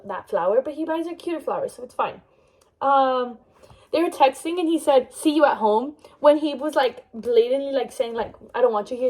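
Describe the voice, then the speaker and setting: High-voiced gushing young woman. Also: a little mellow, poor audio. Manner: gushing, rambling, many fillers and restarts. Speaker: book vlogger. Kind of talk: casual book review chat.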